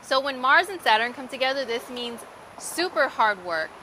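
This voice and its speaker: A woman's voice: high-pitched, lively intonation, normal speed, sharp tone, a little hiss or hum. A woman astrologer giving a casual horoscope reading in a chatty, candid way, full of "like" and "um".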